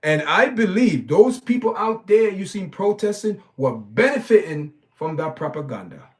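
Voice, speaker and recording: With a high, very animated voice at normal speed, a man runs his own stream and preaches his opinions emphatically. His commentary is full of repetitions and restarts.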